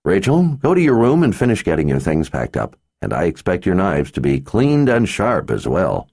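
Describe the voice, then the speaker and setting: Guy reading as a big tough dad, blunt drawl, deep but lively. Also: moderate pace, husky, exaggerated voice. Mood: stern. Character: big tough man, blunt protective father. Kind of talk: audiobook character voice.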